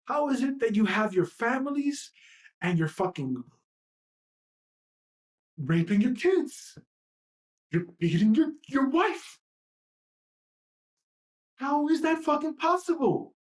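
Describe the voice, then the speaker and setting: A woman's voice: high voice, big pitch swings, takes it slowly, pauses often. A woman ranting during a livestream: heated and profane, firing off repeated rhetorical questions. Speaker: livestream host. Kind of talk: impassioned livestream rant.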